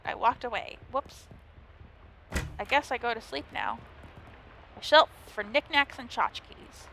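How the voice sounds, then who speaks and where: A woman's voice: a little high, slow pace, creaky, pushed and bright, slight background noise. A woman hosting a let's play, reading the game's narration aloud and chatting playfully between lines. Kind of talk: gameplay commentary, reading game text aloud.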